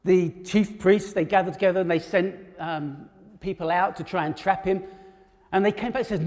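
A man with a fairly high voice gives a conversational sermon, pausing on fillers and restarting sentences as he explains a passage. His voice rings out with a long reverb, as if in a large hall. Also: darkish tone. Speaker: preacher.

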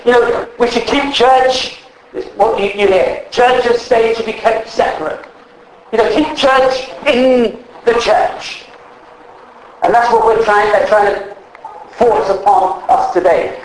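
A man's voice: extremely high pitch, takes it slowly, echoey room, a little hiss or hum, rough recording. A man preaching a sermon in a church, exhorting his congregation with repeated rhetorical emphasis.

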